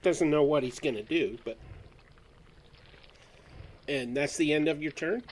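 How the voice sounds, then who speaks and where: A man narrating as game master, calmly explaining rules step by step. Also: fairly high pitch, unhurried, low-quality recording.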